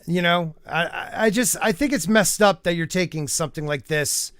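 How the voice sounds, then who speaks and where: A man with a high, smooth voice hosts a casual podcast chat. He is blunt and swears freely, and he stumbles over words when reading aloud. The sound is dry and close. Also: moderate pace, fairly bright tone, no room sound. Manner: blunt and profane. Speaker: podcast host.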